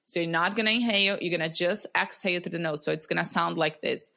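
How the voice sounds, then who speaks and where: A woman who teaches breathwork, a podcast guest explaining simple techniques in a calm, instructive way over a video call. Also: fairly low pitch, fast talker, vocal fry.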